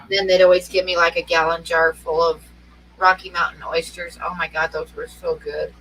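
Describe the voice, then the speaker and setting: A woman chatting casually, telling relaxed stories with dry asides. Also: on the low side, normal speed. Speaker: co-host. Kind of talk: casual chat. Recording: distant from the mic with faint hum.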